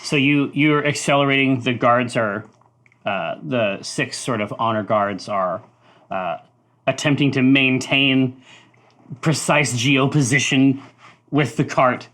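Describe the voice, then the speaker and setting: A man narrating as game master of a tabletop game, halting and laughing often. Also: mid-range voice, a bit bright.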